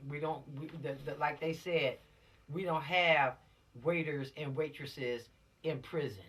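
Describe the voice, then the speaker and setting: A woman's voice: deep voice, fairly even intonation, measured pace, distant mic. A woman teaching a law course to teens, preachy and emphatic, repeating her warnings and dropping into slang. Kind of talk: lecture to teens.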